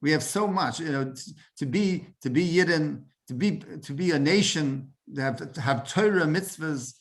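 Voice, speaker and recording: A man's voice: a little high, moderate pace. A man teaching a Torah class as a rabbi, often repeating words while finding his phrasing and mixing Hebrew and Yiddish terms into English. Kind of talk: informal Torah lesson.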